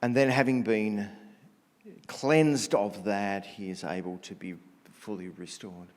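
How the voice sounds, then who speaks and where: Man, preacher, casual sermon, relaxed storytelling, repeats himself, church hall reverb. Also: on the low side, measured pace. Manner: relaxed, casual storytelling with frequent restarts and slang. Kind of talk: conversational sermon.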